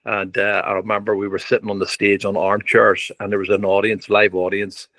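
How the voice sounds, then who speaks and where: An older man, a podcast guest telling lively stories full of quoted dialogue. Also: on the low side, brisk, no echo. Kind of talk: anecdotal storytelling.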